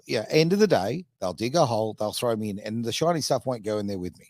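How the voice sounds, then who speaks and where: A man's voice: mid-range voice, animated, fast, hardly any pauses, darkish tone, no echo, studio quality. A man, hosting a casual podcast chat, talking in a chatty, self-mocking way with lots of fillers. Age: 50s. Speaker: radio podcast host.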